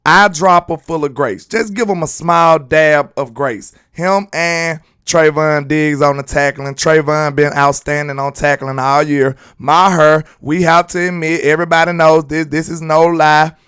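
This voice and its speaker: Animated Southern man hosting sports talk. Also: a little high, a little slow, smooth, no echo, clean studio sound. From Alabama. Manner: animated, slangy, breaks into sing-song shout-outs. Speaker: sports channel host. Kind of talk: casual livestream sports commentary.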